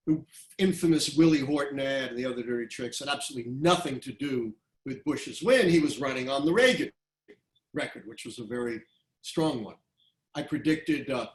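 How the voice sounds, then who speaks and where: A man in his seventies from Brooklyn, a history professor giving a public lecture, telling stories in an animated, emphatic way with quick asides. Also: mid-range voice, echoey room, low-quality recording. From Brooklyn, USA.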